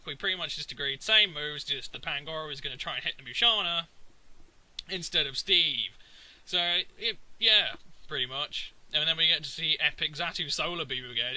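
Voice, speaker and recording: Sharp-voiced man narrating gameplay. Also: a little high, normal speed, low-quality recording. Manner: excitable, swears freely, rambling fillers. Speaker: video game commentator. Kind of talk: casual gameplay commentary.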